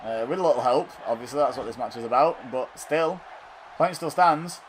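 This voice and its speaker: A man giving casual play-by-play commentary over a wrestling video game, bursting into loud exclamations and then dropping into dry asides. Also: medium pitch, moderate pace, slight background noise.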